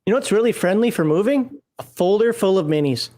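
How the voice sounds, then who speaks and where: A man from Michigan's Upper Peninsula on a casual panel, teasing the others with quick jokes. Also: high voice, animated, warm tone, a little hiss or hum.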